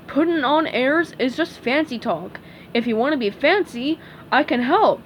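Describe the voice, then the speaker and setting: A woman voicing a dim, friendly male starfish who talks slowly and loudly in a storybook reading. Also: sits high, lively intonation, a little hiss or hum, pitched above the performer's own voice. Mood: dopey. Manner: slow, dopey, emphatic.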